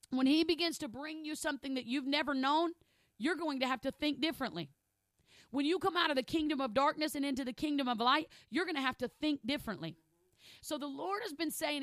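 A woman's voice: sits high, a bit bright, dry recording. A woman preaching a sermon in a conversational, emphatic way, often checking in with her listeners.

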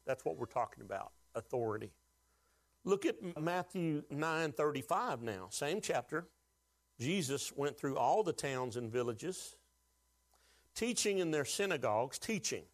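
A man's voice: mid-range voice, animated, a little slow. A man preaching a sermon, with folksy humor and call-and-response questions to the congregation. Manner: folksy humor, acts out quoted voices. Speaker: pastor.

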